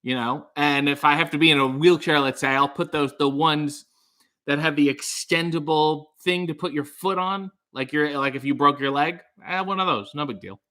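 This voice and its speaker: Chatty guy on a livestream, bright voice, a bit high, rambling jokes about comments. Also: moderate pace. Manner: rambling, jokey, self-deprecating. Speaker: livestream host. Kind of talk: casual chat reading viewer comments.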